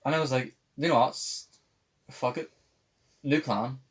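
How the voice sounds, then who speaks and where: On a casual podcast, a young male host tells a rambling story at a measured pace, his medium-pitched voice slightly rough. He swears a lot and mimics other people when quoting them, with faint background noise behind him.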